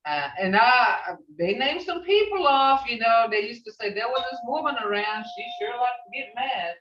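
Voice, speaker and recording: An older woman leads a language class and tells stories, dropping "you know" all through her talk. Her voice is bright and rises and falls a lot. She sounds far from the mic in an echoey room, on a dull recording. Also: on the high side, expressive, moderate pace, hardly any pauses. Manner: storytelling with many "you know" fillers. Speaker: language teacher.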